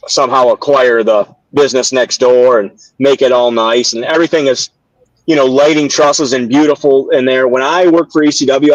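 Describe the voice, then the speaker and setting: An older man tells a long, meandering story over a video call, doubling back and restarting his sentences as he goes. His voice sits at an ordinary pitch for a man. The sound is dry and close, with no room echo. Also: lo-fi sound. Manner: rambling, many restarts and fillers. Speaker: guest, former pro wrestler. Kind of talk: casual interview, storytelling.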